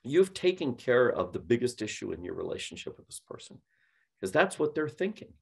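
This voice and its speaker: A man teaching cold calling in a webinar, telling stories with lively quoted dialogue. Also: medium pitch, brisk, gravelly, slightly rough. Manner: animated storytelling, mimics voices in quoted dialogue. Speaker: sales trainer.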